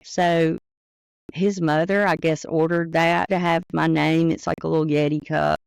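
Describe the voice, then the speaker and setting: Southern woman teacher co-host, smooth with some fry, relaxed chatty. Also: deep voice, measured pace, no room sound. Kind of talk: casual chat.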